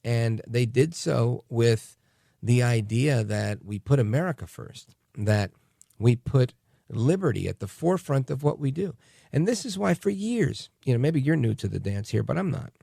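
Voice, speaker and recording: A man hosting a talk radio show, delivering a sarcastic, animated monologue. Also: medium pitch, normal speed, gravelly, husky, no room sound, studio quality. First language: English. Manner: animated and sarcastic, mocking voices in quotes.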